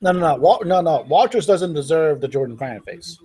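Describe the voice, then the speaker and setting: A man co-hosting a casual fight chat, reacting excitably and breaking into its points. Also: fairly high pitch. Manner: excitable, quick to laugh and react. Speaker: co-host.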